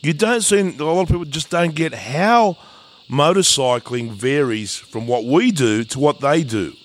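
Animated, swearing Australian man. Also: on the high side, unhurried. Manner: swearing, laughing storyteller. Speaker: podcast co-host. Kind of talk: live podcast banter.

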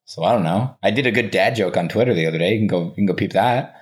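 A man's voice: deep voice, fast talker. A man chatting as a guest on a podcast, playful and teasing, inventing fake facts with a straight face. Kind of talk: casual chat.

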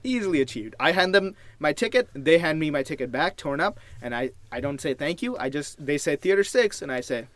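A man's voice: on the high side, brisk, few pauses, a bit bright, no room sound. A young man chatting casually as a podcast co-host, telling rambling stories with restarts. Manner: rambling storyteller, restarts and laughs. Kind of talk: casual chat.

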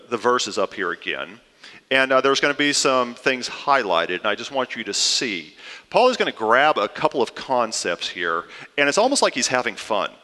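A man's voice: mid-range voice, sharp tone, long reverb tail. A man preaching a sermon to his congregation, conversational and playful, with fillers and asides. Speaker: pastor.

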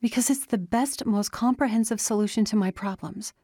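A woman's voice: mid-range voice, brisk, dry recording, studio quality, voice pushed up, close to an everyday voice. A woman voicing a stubborn, desperate teenage girl. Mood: defensive. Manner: insistent, argumentative, rising to yells.

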